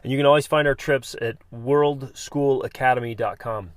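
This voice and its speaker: A man's voice: medium pitch, fairly even intonation, normal speed, no room sound, clean studio sound. An enthusiastic man in his forties, hosting a motivational talk and telling an adventure story with many restarts. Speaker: podcast host.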